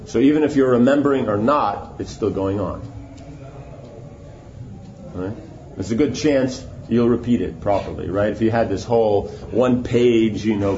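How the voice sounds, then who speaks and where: A man's voice: on the low side, lo-fi sound, noisy background. A man giving an informal spiritual class, explaining points conversationally and often checking in with his listeners. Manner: conversational, keeps checking in with "right?". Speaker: spiritual teacher.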